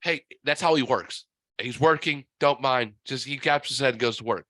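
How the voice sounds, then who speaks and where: A man hosting a podcast, telling a story in an animated way with swearing and acted-out quotes. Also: mid-range voice, normal speed, dry recording. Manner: animated, profane, acts out quotes. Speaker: podcast host. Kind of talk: casual storytelling.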